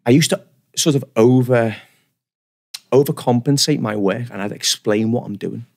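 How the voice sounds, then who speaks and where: A man, telling stories as a podcast guest in an animated, self-deprecating, rambling way. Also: mid-range voice, moderate pace, vocal fry. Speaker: guest barber. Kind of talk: casual podcast storytelling.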